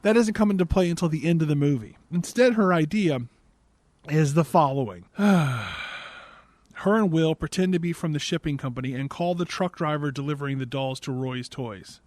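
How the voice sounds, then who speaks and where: A man hosts a podcast and recaps a film in a sarcastic, exasperated way. His voice sits a little high, and the recording is dry and close with no room sound. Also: animated, moderate pace, darkish tone, no room sound. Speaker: podcast host. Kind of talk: casual movie recap.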